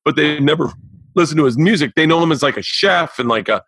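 A man's voice: fairly high pitch, quick pace, breathy edge, dry recording. Rambling, profane male podcast host. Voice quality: animated, profane, rambling storyteller. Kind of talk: casual chat.

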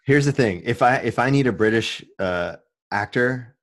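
A man who works as a commercial producer and voice-over artist, explaining his work in a relaxed, casual interview. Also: mid-range voice, normal speed, no room sound. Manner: relaxed, explanatory, many restarts.

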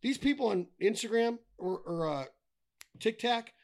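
A man's voice: high voice, expressive, unhurried. A middle-aged man talking casually as a podcast guest, blunt and given to swearing, ranting with wry humor. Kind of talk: casual chat.

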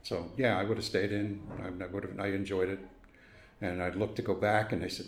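A man's voice: deep voice, fairly even intonation, fairly quick, reverberant, a little hiss or hum. Older Brooklyn-raised man telling stories. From Brooklyn, New York. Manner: storytelling, acts out quoted voices, chuckles. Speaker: interviewee. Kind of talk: oral history interview.

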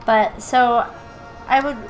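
Female podcast co-host, slightly high voice, wisecracking film-review chat. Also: steady tone, slow pace, soft background music, poor audio. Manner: joking, laughing, swearing, fillers. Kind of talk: casual movie review chat.

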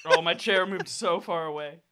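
A man hosting a casual live gaming podcast on a headset mic, energetic, crude and joking, laughing often. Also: on the high side, moderate pace. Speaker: podcast host. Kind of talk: casual livestream podcast chat.

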